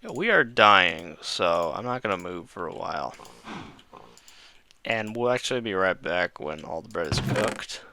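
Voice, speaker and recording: Gravelly-voiced man rambling over gameplay. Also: deep voice, very animated, measured pace, bright, forceful tone, a little hiss or hum. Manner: rambling, self-correcting, talks to viewers. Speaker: gaming channel host. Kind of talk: casual gameplay commentary.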